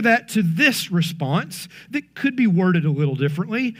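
A man preaching a sermon to his congregation, earnest and conversational, swinging between emphatic lines and hushed ones. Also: sits high, sing-song, moderate pace, few pauses. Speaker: pastor.

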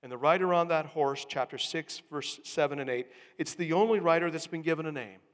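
A man's voice: a little high, brisk. Preaching man in a reverberant hall. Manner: teaching, building emphasis on key words. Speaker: pastor. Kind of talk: sermon. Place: church. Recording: long reverb of a church hall.

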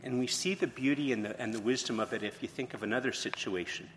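A man's voice: medium pitch, fast, a bit bright, in a large hall, slight background noise. A man preaching a sermon, retelling a story and then posing questions to the congregation. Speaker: pastor.

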